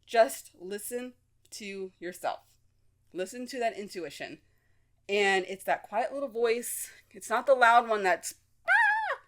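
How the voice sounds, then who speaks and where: A woman's voice: medium pitch, unhurried, a bit bright. A woman hosting her own podcast, talking frankly and casually, with many fillers and restarts. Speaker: podcast host; mother. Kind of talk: casual solo talk.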